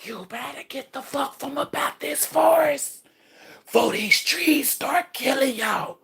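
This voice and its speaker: A woman's voice: high-pitched, takes it slowly, fairly bright tone, pitched above the performer's own voice, full character voice. A woman voicing a menacing female forest spirit that whispers a profane warning.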